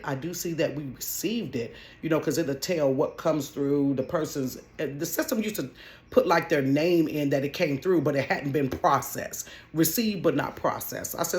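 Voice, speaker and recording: A woman telling a casual storytime about her old job at home, chatty and animated, calling listeners honey. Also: deep voice, moderate pace. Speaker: vlogger telling a work story.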